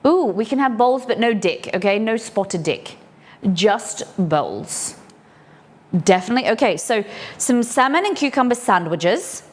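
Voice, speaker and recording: A woman's voice: on the high side, animated, unhurried. An English woman hosting a casual live cooking stream from her home kitchen, chatty and rambling with cheeky asides. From England.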